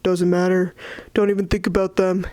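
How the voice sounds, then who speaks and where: A woman's voice: on the low side, little pitch movement, normal speed, warm tone, no echo, natural voice. A woman reading aloud and voicing a bossy, protective older brother in a curt, commanding way.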